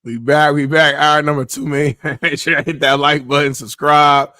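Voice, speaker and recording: A man co-hosting a sports talk show, tossing in quick teasing asides. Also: on the high side, fairly even intonation, pushed and bright, no room sound, studio quality. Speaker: co-host. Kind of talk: casual chat.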